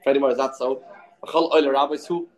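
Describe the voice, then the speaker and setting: Male Talmud teacher, mid-pitched, brisk back-and-forth reasoning, Yiddish-laced English. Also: fairly even intonation, low-quality recording. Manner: quick back-and-forth argument mixing English with Aramaic and Yiddish terms. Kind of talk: daf yomi Talmud lesson.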